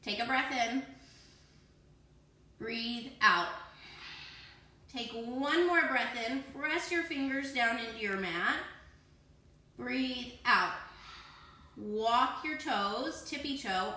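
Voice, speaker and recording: A woman's voice: a little high, lively intonation, takes it slowly, long pauses, sharp tone. A woman teaching a children's yoga class, playfully encouraging and cueing poses and breaths, with animal sounds. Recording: echoey room.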